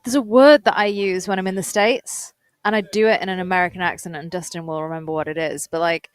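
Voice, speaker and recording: A woman's voice: fairly low pitch, fairly even intonation, fast talker, no echo. A British woman co-hosting a live race broadcast, chatting casually and pronouncing words carefully. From United Kingdom. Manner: crisp, careful pronunciation. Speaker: livestream co-host. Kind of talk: casual commentary chat.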